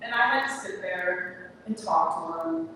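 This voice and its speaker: A woman's voice: on the high side, lively intonation, measured pace, sharp tone, slight background noise. A woman telling a personal story at a live coffee-shop event, wry and conversational. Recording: echoey, distant live recording.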